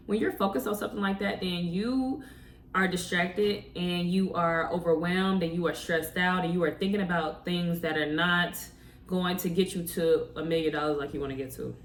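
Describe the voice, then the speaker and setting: Lower-voiced woman vlogging in a roomy echo. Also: steady tone, moderate pace, slight background noise. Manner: conversational, many rhetorical questions, addresses viewers directly. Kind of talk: motivational story-time talk to camera. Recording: roomy echo, distant from mic, faint ambience.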